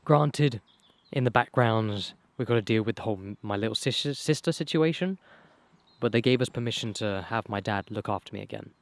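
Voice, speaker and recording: A young man tells his own life story casually, rambling and swearing, with many fillers and restarts, his voice going hoarse. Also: fairly low pitch, brisk. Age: young adult. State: losing his voice. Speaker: vlogger.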